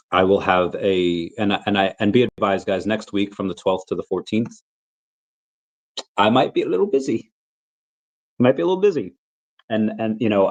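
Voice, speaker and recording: Over a rough recording, a deep-voiced man in his thirties hosts a casual crypto livestream Q&A. Down with the flu, he coughs at times and rambles, restarting his thoughts again and again.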